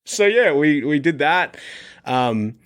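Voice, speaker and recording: A man's voice: a little high, very animated, takes it slowly. Rambling man telling stories. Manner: rambling, self-interrupting storyteller. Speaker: actor, podcast guest. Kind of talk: casual anecdote-telling.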